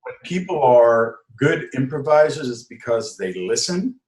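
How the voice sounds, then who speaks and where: A man's voice: medium pitch, lively intonation, darkish tone. Older male comedy writer, talks shop and acts out bits; roomy sound. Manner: acts out quick character voices in examples. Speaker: comedy writer and improv teacher. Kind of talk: interview answers.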